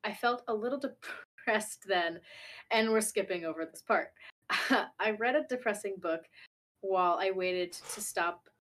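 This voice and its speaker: A young woman co-hosting a casual podcast, reading fanfiction aloud in a laid-back, deadpan way with quick asides. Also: mid-range voice. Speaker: podcast co-host.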